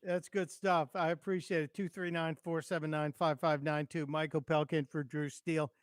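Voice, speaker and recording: A middle-aged man filling in as host of a call-in radio show, chatty and quick to laugh, apologizing for technical glitches. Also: a little high, flat delivery, dry recording, clean studio sound. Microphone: studio microphone.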